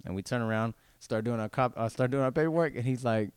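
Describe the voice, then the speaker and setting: A young adult man from Los Angeles, a comedian guesting on a podcast, telling stories casually, animated and swearing a lot. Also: medium pitch, quick pace, few pauses, smooth, no echo, clean studio sound. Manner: animated, swears a lot, acts out shouting characters. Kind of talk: casual storytelling.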